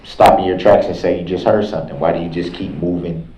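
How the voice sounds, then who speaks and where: Deep, dark-voiced man cross-examining in court. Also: steady tone. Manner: halting, repetitive questioning with restarts. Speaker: defendant questioning a witness. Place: large courtroom. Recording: echoey courtroom, dull lo-fi sound.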